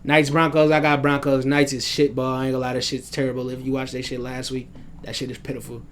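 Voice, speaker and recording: This American sports vlogger, a young man at home, talks fast in a monotone mid-range voice while loosely rambling through sports predictions in slang. He knows he's going off on tangents, and there's slight background noise.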